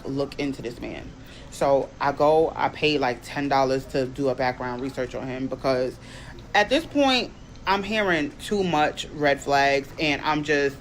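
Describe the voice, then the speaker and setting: A woman telling a dating story, animated, acting out both sides of the conversation. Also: sits low, a little hiss or hum. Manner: animated, quoting others in exaggerated voices. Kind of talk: storytime vlog.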